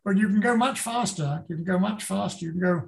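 Speaking fairly quickly, an older author with a British English accent rambles through a relaxed interview as a guest. His gravelly voice sits fairly high for a man, and he restarts sentences and repeats words while thinking out loud.

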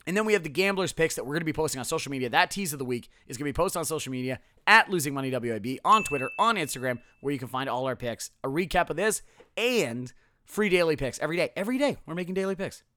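A man's voice: fairly high pitch, expressive, fast talker, bright, forceful tone. A man hosting a casual solo sports podcast, sarcastic and self-mocking, his voice a bit strained. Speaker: podcast host.

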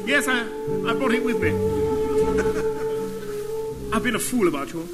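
An excitable, bumbling army officer, shrieking and giggling in a very high, lively voice. It is an old radio broadcast with a long studio reverb and loud music around it. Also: male voice, slow pace, full character voice. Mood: romantic. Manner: manic, shouting, giggly. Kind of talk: 1950s radio comedy acting.

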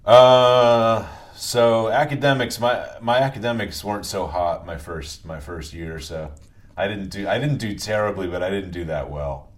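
A middle-aged man from New England, a podcast guest telling stories in a relaxed, halting way, often restarting his sentences. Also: on the low side. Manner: relaxed, halting, restarts phrases, many murmured agreements. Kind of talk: conversational interview.

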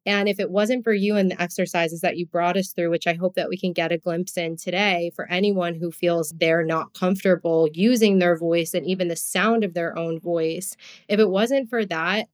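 A woman podcast host with a New Jersey accent, talking in a casual, heartfelt and expressive way, often saying "like". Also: fairly low pitch, moderate pace. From US East Coast. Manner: expressive, heartfelt, frequent "like" fillers.

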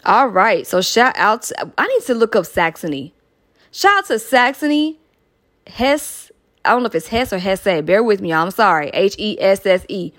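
A woman's voice: medium pitch, sing-song, moderate pace, fairly bright tone. A woman from Atlanta hosting a podcast, chatting casually, laughing often and making playful asides. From Atlanta, Georgia. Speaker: podcast host.

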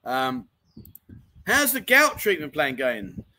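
A man hosts a casual livestream, chatting his way through viewers' comments. His voice is bright and sits a little high, and he rambles and laughs easily. A faint background noise runs under the recording. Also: huge pitch swings, slow pace, low-quality recording. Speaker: livestream chat show host.

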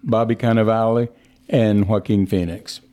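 A man appearing as a podcast guest in casual chat, giving short, low-key answers. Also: steady tone, moderate pace, dark tone, slight background noise.

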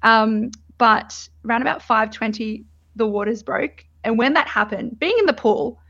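A young woman talks through her birth story in a casual, candid chat, laughing often and swearing without a second thought. Her voice sits a little high. The recording is slightly dull and lo-fi. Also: normal speed, a bit bright. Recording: dull lo-fi sound.

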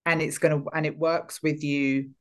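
A woman's voice: sits low, level tone, normal speed. A woman energy healer and coach, a podcast guest, talking reflectively and often circling back as she searches for the right words. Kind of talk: casual podcast conversation.

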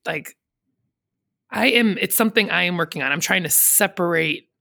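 A woman's voice: lowish voice, lively intonation, moderate pace, creaky, sharp tone, no echo, studio quality. A woman in casual conversation, rambling and chatty, laughing often and slipping into quoted voices of other people. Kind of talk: casual chat.

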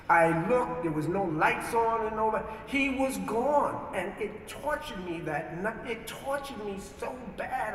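High-voiced man telling his story, roomy. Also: a bit bright, a little hiss or hum. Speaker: testimony speaker in a played video. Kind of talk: personal testimony storytelling. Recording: video played in an echoey hall, heard from far off.

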